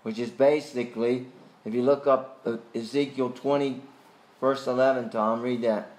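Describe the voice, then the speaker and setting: A man's voice: mid-range voice, steady tone, normal speed, darkish tone. A man leading a church catechism class in a Bible study teaching style. He keeps calling on students with questions, with plenty of hesitant "uh"s and "um"s in between. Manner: questioning, calls on students by name; hesitant, with frequent fillers.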